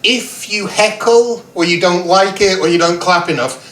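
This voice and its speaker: A man's voice: high-pitched, moderate pace, fairly bright tone. A man in his fifties doing a self-deprecating stand-up set, quizzing the audience. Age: 50s. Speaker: stand-up comedian. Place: pub comedy room. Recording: roomy pub sound from far off.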